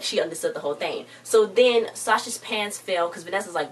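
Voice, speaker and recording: Fast-talking woman recapping a show. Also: mid-range voice, distant mic, slight background noise. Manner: chatty retelling, acting out quoted lines. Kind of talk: casual episode recap.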